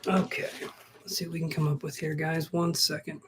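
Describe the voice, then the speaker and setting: A man doing a relaxed live tarot reading on a stream. He chats easily and jokes about himself. He talks his thoughts through out loud as he lays out cards for viewers. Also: on the high side, fairly quick, very noisy. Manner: chatty, self-joking, thinks aloud. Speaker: tarot reader.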